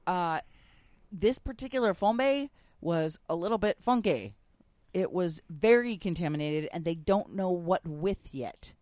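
A woman's voice: on the low side, animated, unhurried, a little mellow, no room sound. Woman, casual talk-show host, chatty storyteller, laughs a lot, dry close sound. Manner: chatty storyteller, laughs often, stresses punchlines. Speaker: podcast co-host reading news stories. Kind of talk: casual chat.

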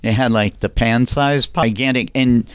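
A man from Southern California hosting a casual group chat, joking and telling animated stories. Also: mid-range voice, moderate pace, smooth, no echo.

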